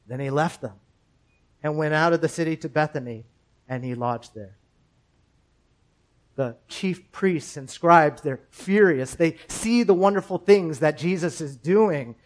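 Measured preacher with a higher voice. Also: male voice, rough recording. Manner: rhetorical, measured preaching with repeated phrases. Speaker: pastor. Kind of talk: sermon.

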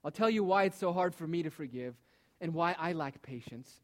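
A man delivers a sermon with a somewhat high voice. He presses his points with rhetorical questions and emphasis, and his phrases often fade off quietly. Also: expressive, brisk. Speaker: preacher.

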